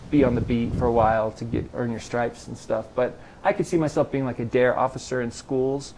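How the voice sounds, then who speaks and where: Middle-aged man telling animated stories. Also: medium pitch, fairly quick, background noise. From Los Angeles. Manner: animated storyteller acting out quoted dialogue. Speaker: interview guest, triathlon club president. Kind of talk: casual storytelling interview. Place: garage.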